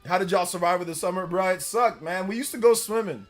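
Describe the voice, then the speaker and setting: Soft music plays under a fast, high-sitting male voice. The speaker, a man in his forties from Central California, casually chats on a live stream, reading donations and retelling stories with loud laughter, rambling and leaning on fillers.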